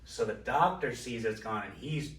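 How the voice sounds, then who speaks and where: A man's voice: medium pitch, moderate pace, a bit bright, recorded from a distance. A man hosting a casual podcast, telling a long personal story in a candid, profane, rambling way. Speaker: podcast host. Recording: roomy sound from off-mic.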